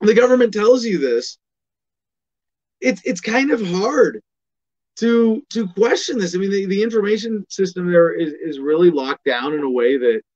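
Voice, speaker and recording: A man with a high voice delivers a political commentary monologue. He is emphatic and asks and answers his own questions. The recording sounds dull and lo-fi. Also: normal speed, darkish tone.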